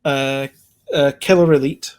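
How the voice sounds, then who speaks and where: A man co-hosts a relaxed podcast, talking casually and rambling a little as he searches for his words. His voice sits at an ordinary middle pitch, neither high nor deep. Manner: rambling, fills pauses with ums. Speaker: podcast co-host. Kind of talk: casual chat.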